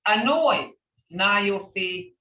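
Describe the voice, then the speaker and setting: A woman's voice: mid-range voice, animated, extremely slow. An older woman teaching a language class who tells stories and uses many "you know" fillers. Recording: echoey, distant, dull recording.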